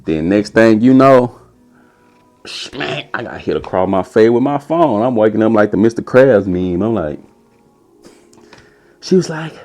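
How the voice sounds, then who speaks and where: A young man telling a casual, animated story as a podcast host, putting on a high voice for quotes.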